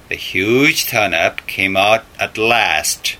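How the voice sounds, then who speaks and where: A man reading a children's story aloud for language learners in slow, deliberate, clearly spaced phrases. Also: on the low side, big pitch swings, bright, forceful tone. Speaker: English story reader for learners.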